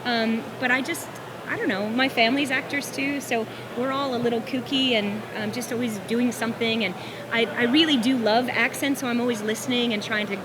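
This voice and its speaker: A voice actress answering interview questions at a comic convention, bubbly and gracious. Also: female voice, on the high side, steady tone, brisk, background noise. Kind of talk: casual interview.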